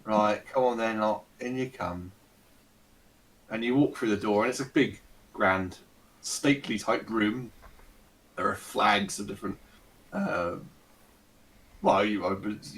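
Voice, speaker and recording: Rambling dungeon master. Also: male voice, fairly low pitch, fairly bright tone, rough recording. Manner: rambling with fillers and hedges. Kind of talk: narrating a tabletop game.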